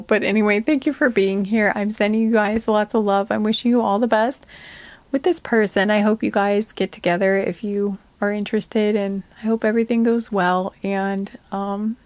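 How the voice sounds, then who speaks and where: A tired woman giving a relaxed tarot card reading, soft-spoken and rambling, trailing off with fillers. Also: mid-range voice, dry recording. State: tired and sleepy.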